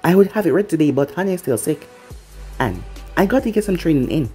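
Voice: mid-range voice, animated, quick pace, mellow, faint music behind, natural voice. Narrator doing a cocky young ninja guy. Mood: brash. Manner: brash, teasing.

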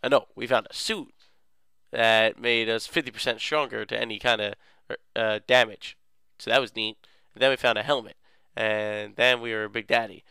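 A man's voice: on the low side, steady tone, normal speed, vocal fry, bright, forceful tone, clean tone, no room sound, clean studio sound. A young man hosting a let's play, casually recapping the game in a rambling, goofy way with lots of filler words.

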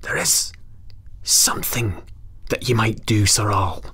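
A man's voice: mid-range voice, steady tone, measured pace, husky. A man voicing a sorrowful, wrinkled old goblin who was once a mortal, in a storybook reading, wailing and whispering. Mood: hushed warning.

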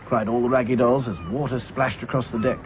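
A man narrating a children's story in a lively, expressive way. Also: mid-range voice, fairly quick. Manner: lively, voices every character himself. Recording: slightly dull with faint hiss.

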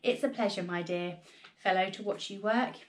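A woman doing an excitable, impatient farmer dad. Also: mid-range voice, normal speed, natural voice. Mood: excited. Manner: eager, exclamatory, urging on. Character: excitable, impatient middle-aged farmer father. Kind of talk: reading a storybook aloud.

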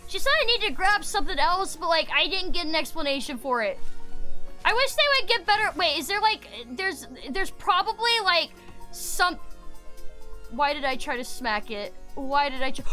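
Very high-pitched excitable woman streamer. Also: moderate pace, faint music behind. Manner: chatty, excitable, talks to chat, swears. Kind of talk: casual gameplay commentary.

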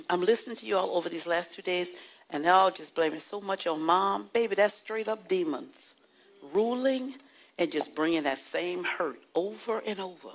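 Woman, preacher, low-ish husky voice, sermon, call and response, slow stretched emphasis. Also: low-quality recording. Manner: call-and-response preaching, dramatic slowed emphasis, acts out anecdotes. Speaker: prophetess preaching.

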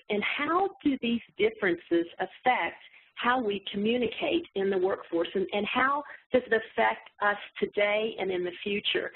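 A woman's voice: a little high, slight background noise. A woman from West Virginia with a slight Southern accent, presenting a webinar in a chatty, self-deprecating way over a video call. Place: home in a small town. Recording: tinny phone-like line.

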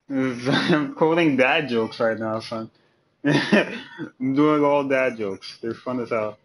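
A man streaming a video game and chatting with friends in a voice party, profane and joking, laughing often and swinging into loud mock outrage. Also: medium pitch, drawn-out words, long pauses. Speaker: gamer streaming live. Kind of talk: casual gameplay chat with friends in a voice party.

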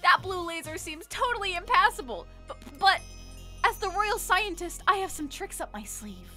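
A woman reading aloud as a nerdy, jittery female royal scientist from a game. The delivery is eager and a little halting, high-pitched and lively, with faint music behind. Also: heavily acted.

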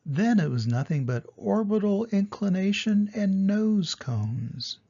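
An older man, a grandfather, reading a children's storybook aloud in a gentle, lively storyteller's way. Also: high voice, takes it slowly, dull audio.

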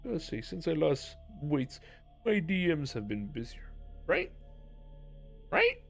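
A man's voice: fairly high pitch, slow, vocal fry, soft background music. Swearing, laughing game streamer man. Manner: profane, animated, bursts of loud laughter. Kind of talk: casual live-stream chat.

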